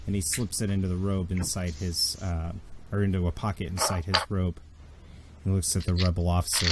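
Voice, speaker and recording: A man's voice: low voice, little pitch movement, normal speed, background noise. A man narrating a tabletop game as game master, telling it vividly with occasional restarts. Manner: vivid, graphic storytelling with restarts.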